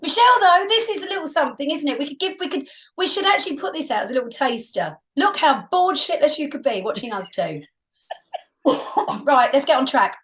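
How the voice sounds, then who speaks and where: A woman's voice: high-pitched, big pitch swings, fairly quick, a bit bright. A woman in her fifties co-hosting a podcast in casual chat, bubbly, laughing often and cutting in. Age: 50s. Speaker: podcast co-host.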